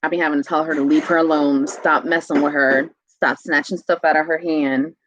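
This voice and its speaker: A woman telling casual home stories, laughing often and switching into a high sing-song voice for a toddler. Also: steady tone, fairly quick, dry recording, poor audio. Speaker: vlogger. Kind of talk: casual chat.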